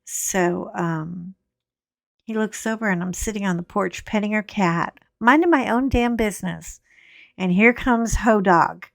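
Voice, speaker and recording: A woman's voice: mid-range voice, unhurried, creaky, dry recording, studio quality. A woman, probably middle-aged, chatting casually and frankly while she colors, telling a gossipy story. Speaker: coloring channel host.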